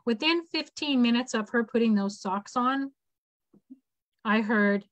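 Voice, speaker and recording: A woman in her fifties, speaking fairly high for her age, hosts an online session over a video call. She tells a heartfelt story earnestly and acts out the people she quotes. Her voice sounds dry and close. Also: lively intonation, measured pace, a bit bright, dry recording, rough recording. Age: 50s. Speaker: host of an online information session. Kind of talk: casual storytelling.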